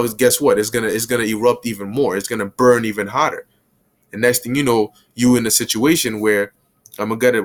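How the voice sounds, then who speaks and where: Man teaching scripture in casual slang. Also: mid-range voice. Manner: casual street slang, acts out little scenes with quick voices. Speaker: bible teacher. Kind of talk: conversational bible teaching.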